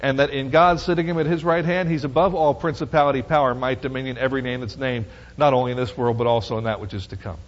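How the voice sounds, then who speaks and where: Here a middle-aged man talks fast in a steady, medium-pitched voice as he teaches a Bible study. It feels like a conversation, full of rhetorical questions asking whether listeners follow. Long hall reverb and a muffled, lo-fi quality mark the recording.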